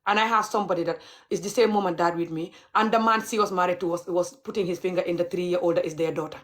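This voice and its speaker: A Gambian woman hosting a live stream, chatting openly with callers and viewers in an outspoken, animated way. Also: lowish voice, fast.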